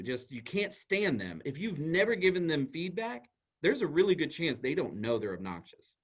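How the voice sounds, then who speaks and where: A school psychologist talks to a group, a man whose voice sits a little high with a husky edge. His pitch swings widely as he tells everyday stories to make his points. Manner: animated storyteller using everyday examples. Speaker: school psychologist giving a talk. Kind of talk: presentation to an audience.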